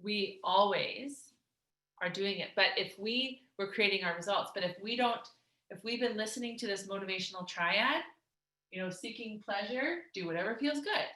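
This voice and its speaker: Bright-voiced woman coaching in a roomy space. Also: medium pitch, normal speed. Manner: energetic, emphatic, chatty with frequent "like" and restarts. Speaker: weight loss coach. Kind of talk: motivational teaching talk. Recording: roomy echo.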